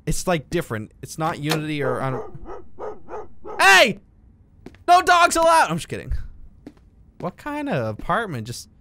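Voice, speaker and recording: A man's voice: on the high side, big pitch swings, normal speed, a little hiss or hum. A young man giving jokey let's-play commentary, talking to himself and yelping at the game. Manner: jokey, talks to himself, bursts into yelps and shouts at the game. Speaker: gaming video creator.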